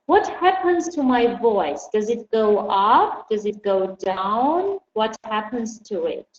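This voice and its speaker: A woman teaching a class online, explaining slowly and patiently and putting questions to her students. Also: fairly high pitch, sing-song. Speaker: English teacher. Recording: dull echoey room with faint hum.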